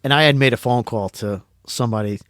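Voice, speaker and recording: A middle-aged man from Pennsylvania tells a long story as a guest on a podcast. His delivery is casual and excitable, full of restarts and repeated words, at an everyday mid pitch. The sound is close and dry, with no room echo. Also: fast talker.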